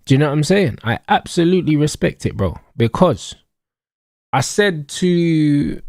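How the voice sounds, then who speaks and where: A man's voice: a little high, animated, a little slow, a little mellow, dry recording, clean studio sound. A young man with a London accent, ranting casually about football on a live stream, full of slang and repeated catchphrases. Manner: slangy, emphatic, repetitive.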